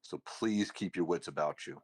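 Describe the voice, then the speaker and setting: A man's voice: deep voice, moderate pace, husky. A man voicing a blunt, fight-loving male adventurer who urges the group to be careful. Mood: urging caution. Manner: urgent, cautioning.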